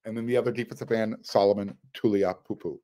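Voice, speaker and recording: A man hosting a sports podcast, talking casually and excitedly as he runs through lineups. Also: fairly low pitch, fast. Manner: excited, rattles off names. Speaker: podcast host.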